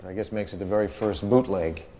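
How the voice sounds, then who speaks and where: An actor playing a gentle middle-aged professor. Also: male voice, fairly low pitch, a little fast, lightly acted. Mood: calm. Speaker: film character, professor. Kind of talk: film dialogue. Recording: film clip with long reverb, faint noise.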